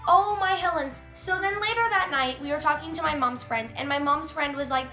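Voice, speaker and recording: A woman's voice: high voice, brisk, bright, forceful tone. A teenage girl vlogging a story in a chatty way, full of "like", acting out quotes. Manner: chatty, heavy use of "like", acts out quotes. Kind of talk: casual storytime vlog. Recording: echoey room, faint music.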